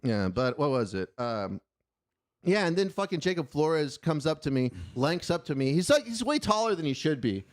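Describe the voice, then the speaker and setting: A man hosting a call-in comedy show, telling stories in a profane, animated way and acting out quotes. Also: a little high, normal speed. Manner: profane, animated storyteller who acts out quotes. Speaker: host. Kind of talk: casual chat.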